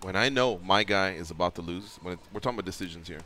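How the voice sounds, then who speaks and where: A man's voice: deep voice, quick pace. A man hosting a radio show, chatting casually and acting out scenes with mock voices. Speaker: radio host.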